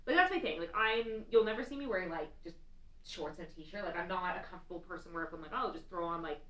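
A woman's voice: lowish voice, fast, a bit bright. Chatty woman in a roomy space. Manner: chatty, laughing storyteller, lots of "like". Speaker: co-host. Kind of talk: casual chat. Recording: roomy sound from a distant mic.

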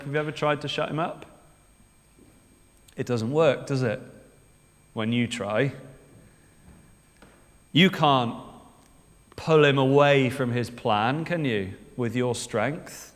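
A man's voice: mid-range voice, slow, long pauses, fairly bright tone. A male preacher giving a sermon in a conversational way, often putting rhetorical questions to the congregation. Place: church. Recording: long church reverb.

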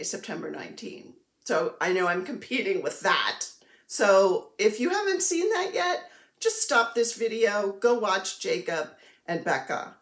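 A woman vlogs casually about her cross-stitch projects in a chatty, self-deprecating show-and-tell, gushing over the supplies she displays. Her voice is lowish with a fairly bright tone, and the sound is roomy.

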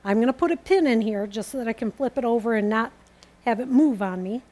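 A woman demonstrating quilting, calmly and methodically explaining each step as she sews. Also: a little high, fast talker. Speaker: quilting teacher.

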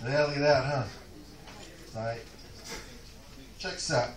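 A man doing a stand-up comedy set in a comedy club, loud, profane and rambling. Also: medium pitch, fairly even intonation, measured pace, distant mic, background noise. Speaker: stand-up comic. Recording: echoey club room, mic from afar.

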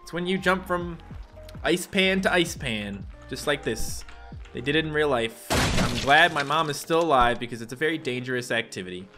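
A young man giving jokey let's play commentary on a video game, now and then leaping into squeaky put-on voices. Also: expressive, normal speed, over music. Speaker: gaming YouTuber.

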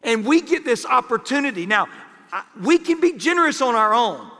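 Animated high-voiced pastor preaching. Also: male voice, normal speed, long reverb tail. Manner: animated, jokey preaching with sudden loud bursts. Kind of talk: sermon. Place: church sanctuary.

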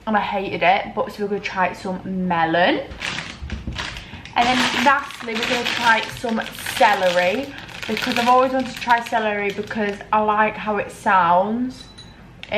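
A woman's voice: medium pitch, roomy sound, noisy background. A young woman vlogging in a casual, chatty way, a bit dramatic, talking to camera in her bedroom.

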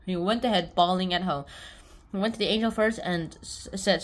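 A woman's voice: on the low side, steady tone, brisk. A woman casually summarizing a short story, rambling with lots of fillers. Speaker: book reviewer.

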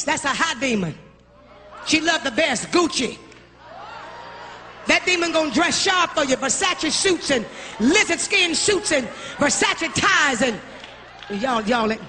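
A woman's voice: very high-pitched, sing-song, unhurried, bright, forceful tone. A woman preacher delivering a fiery sermon, repeating her points and calling out her congregation. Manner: fiery, repetitive, calls out the congregation. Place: church sanctuary. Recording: live church with congregation noise.

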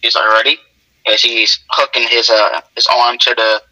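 A man's voice: medium pitch, flat delivery, moderate pace, bright, forceful tone, no echo, muffled recording. A young man telling an improvised fan story in a laid-back way, full of "you know".

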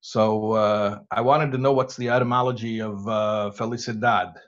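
A rabbi with an American accent gives a conversational lecture to students, drawing them in with rhetorical questions, in a slightly muffled recording. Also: male voice, on the low side, steady tone, moderate pace. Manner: engaging, asks rhetorical questions.

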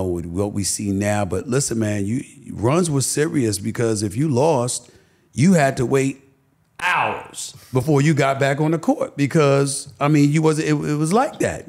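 A middle-aged man from Queens, with a New York accent and a mellow, medium-pitched voice at a moderate pace, is a guest on a podcast interview. He tells stories emphatically, restarting his sentences often.

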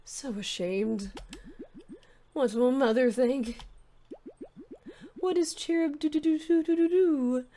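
A woman voicing a hushed, solemn forest creature. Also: sits high. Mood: ashamed. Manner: slow, hushed, formal third-person speech. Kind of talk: reading game dialogue aloud in a voice.

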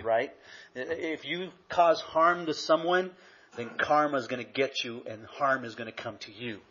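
A man's voice: a little high, a bit bright, dull audio. A man, an associate pastor, preaching a conversational sermon with anecdotes.

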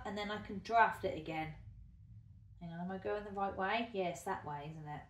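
A woman chatting casually in a craft vlog while she works, self-deprecating and thinking aloud. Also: medium pitch. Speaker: hobby spinner vlogger. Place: indoor room at a spinning wheel. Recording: echoey room from a distant mic.

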